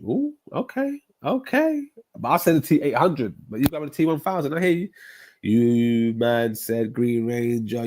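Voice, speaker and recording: A man, chatting casually on a live stream, animated and rambling, often repeating himself. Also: medium pitch. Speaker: football streamer chatting with viewers.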